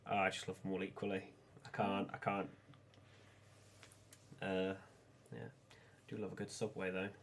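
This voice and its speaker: Very deep-voiced young man. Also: little pitch movement, normal speed, creaky, slight background noise. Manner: short, easygoing interjections. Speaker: podcast host, son of the co-host. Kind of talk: casual chat.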